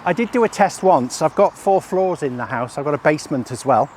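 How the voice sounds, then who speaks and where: A product developer walks outdoors across his rural land during a range test, talking loosely and breathlessly, filling gaps with fillers. He speaks fairly quickly in an expressive, a little high, darkish voice, with slight background noise.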